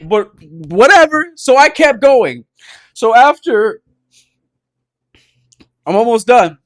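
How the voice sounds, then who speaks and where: A man's voice: very high-pitched, big pitch swings, slow. A man co-hosting a casual gaming podcast, telling rambling stories full of swearing and restarts. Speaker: podcast co-host.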